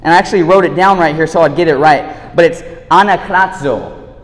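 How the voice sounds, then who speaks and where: Laid-back preacher guy, slangy, kinda high voice, big echoey room. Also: steady tone, fast. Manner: laid-back, slangy, swings between hushed and loud. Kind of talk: casual sermon. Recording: echoey hall reverb.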